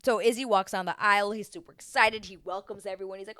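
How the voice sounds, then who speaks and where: A woman giving a casual TV recap, chatty and expressive, who swears freely and acts out what people said. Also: mid-range voice, brisk, hardly any pauses. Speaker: TV recap vlogger. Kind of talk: casual reality-show recap.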